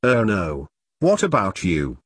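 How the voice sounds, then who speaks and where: Guy reading an audiobook doing a blunt sweary tough woman, bouncy pitch, dry close sound. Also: wildly swooping pitch, takes it slowly, slightly rough, no echo, full character voice. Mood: tender. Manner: blunt, defiant, profane. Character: fierce, foul-mouthed woman in her forties.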